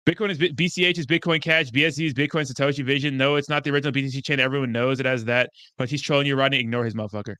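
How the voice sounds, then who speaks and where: A man hosting a crypto livestream, answering his chat in a profane and excitable way. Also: medium pitch, rapid-fire, hardly any pauses, clear, resonant tone, no room sound, clean studio sound. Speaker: crypto YouTuber host.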